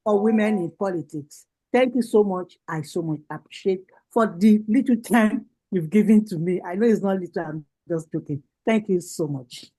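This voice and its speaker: A woman's voice: medium pitch, moderate pace, hardly any pauses, warm tone, husky, poor audio. A Nigerian woman giving a rallying political speech over a video call, with repeated, impassioned calls to action. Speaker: party women's leader giving a speech.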